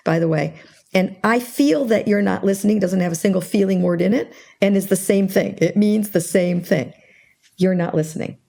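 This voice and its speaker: In an interview, a guest expert on interpersonal skills, an older woman with a gravelly, mid-range voice, walks through a communication model. She is an animated storyteller who acts out the quoted dialogue in her stories.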